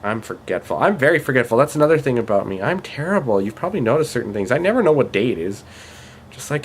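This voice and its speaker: A man's voice: mid-range voice, very animated, a little hiss or hum. Brief Rambling Canadian man in his thirties. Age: 30s. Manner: rambling, self-deprecating, with fillers and pauses. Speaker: vlogger. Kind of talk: casual late-night vlog.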